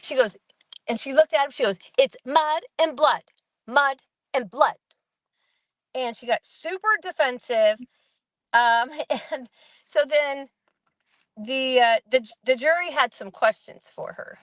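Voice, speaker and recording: A woman's voice: high voice, measured pace, dry recording, low-quality recording. Chatty woman recapping testimony. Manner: rambling, quotes witnesses in animated voices. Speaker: host recapping a trial. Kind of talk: casual chat.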